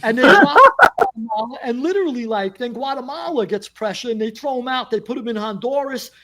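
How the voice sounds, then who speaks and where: A man with a fairly high voice tells a story as a podcast guest. He is animated and acts out the quotes as he goes. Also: fairly quick. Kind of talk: casual storytelling.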